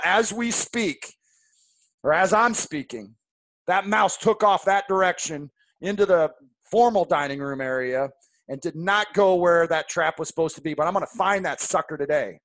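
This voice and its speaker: A man in his forties hosting a podcast, telling a story in a candid, animated way. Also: on the high side, no echo. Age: 40s. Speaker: podcast host. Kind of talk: casual storytelling monologue.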